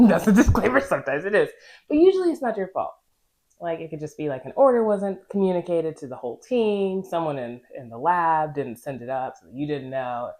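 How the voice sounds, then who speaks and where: A woman's voice: low-pitched, lively intonation, normal speed, darkish tone. A young woman, a nurse co-hosting a casual podcast, chatting with frequent laughs. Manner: laughs often, acts out quoted lines in a raised voice. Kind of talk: casual chat.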